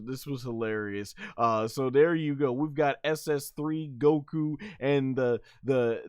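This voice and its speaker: A man reviewing an anime episode on a live stream, excitable and laughing often, acting out scenes with sound effects. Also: medium pitch, clean tone, dry recording. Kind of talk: casual live-stream commentary.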